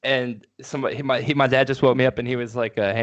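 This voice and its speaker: A man's voice: medium pitch, flat delivery, fast. A man co-hosting a podcast in casual chat, telling rambling stories and laughing often. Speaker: podcast co-host. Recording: dull lo-fi sound.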